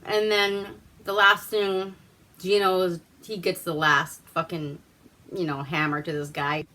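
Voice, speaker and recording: A woman vlogger chats her way through a movie plot at an unhurried pace, with a bright, forward tone. Her speech is loose and full of fillers and casual swearing. She is at home with a glass of wine. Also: lowish voice, little pitch movement.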